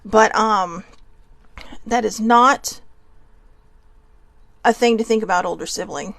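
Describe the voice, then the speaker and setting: A woman's voice: medium pitch, animated, unhurried, vocal fry, pauses often, a bit bright, no room sound. Goofy, chatty woman hosting a talk. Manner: goofy, chatty, laughs often. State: a little nervous. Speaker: podcast host. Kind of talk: casual self-help talk.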